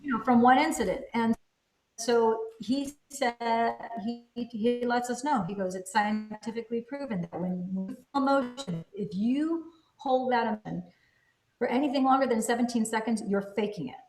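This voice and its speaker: A woman host talks in a rather high voice, pressing her points with quick rhetorical questions and snapping back her own answers. The room around her gives the recording a noticeable echo. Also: darkish tone, faint music behind. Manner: emphatic, asks rhetorical questions and answers them. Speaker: host reviewing a self-help book. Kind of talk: casual teaching conversation. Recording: roomy echo.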